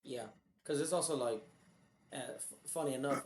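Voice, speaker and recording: A man from Houston with a hoarse, recovering voice, co-hosting a podcast and telling rambling, profane stories in a casual chat. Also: mid-range voice, normal speed, echoey room, slight background noise. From Houston, Texas. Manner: profane, rambling, animated storyteller. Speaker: podcast co-host.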